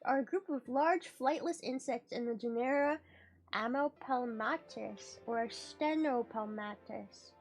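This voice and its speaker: A woman streamer in casual livestream chat, excitable and playful, rambling and swearing casually, her voice leaping up and down in pitch and loudness. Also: a little slow, faint music behind.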